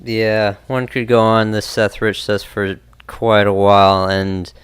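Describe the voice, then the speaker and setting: Low, smooth-voiced male co-host. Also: flat delivery, slow, no echo. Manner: conversational, leans on "you know". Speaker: podcast co-host. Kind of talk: casual political talk radio.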